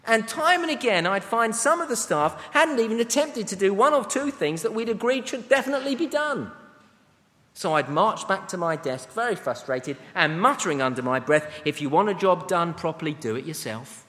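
A man with a notably high voice delivers a sermon in a church. He reads scripture passages aloud and breaks off for plain asides to the congregation. His words ring out with a long reverb from the hall. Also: expressive, moderate pace, bright, forceful tone. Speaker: preacher.

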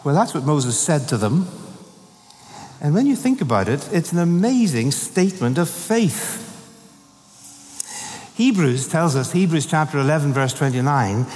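A man delivering an expository sermon, working through the verses and driving points home with repetition. His voice sits a little high for a man. A long reverb trails behind him. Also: sing-song, measured pace, pauses often, a little mellow. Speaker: preacher.

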